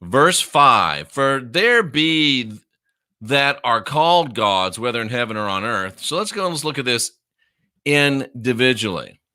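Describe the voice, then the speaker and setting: A man's voice: mid-range voice, big pitch swings, a little slow, bright, forceful tone. A man teaching scripture in a combative, mocking way, hammering points with emphatic repetition. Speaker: minister. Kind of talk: confrontational Bible teaching.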